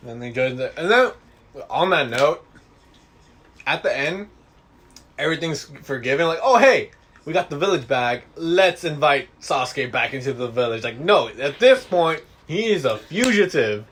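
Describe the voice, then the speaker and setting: Lively rambling young man on a podcast. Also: on the high side, moderate pace, husky. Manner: rambling, filler-heavy, laughing. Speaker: podcast co-host. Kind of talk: casual chat.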